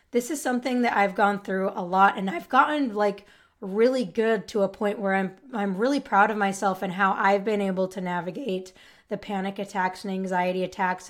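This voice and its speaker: A woman talks through a solo podcast episode in a casual, earnest way. Her tone stays reassuring and she addresses the listener directly, often tossing in "right?" and "like". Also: medium pitch. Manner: frequent "right?" and "like" tags. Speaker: podcast host.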